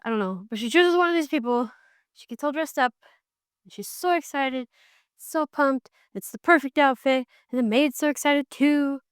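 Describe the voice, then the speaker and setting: A woman hosting a book podcast, giving a casual, animated recap and slipping into characters' lines as she goes. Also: high-pitched, clean tone, no room sound, clean studio sound.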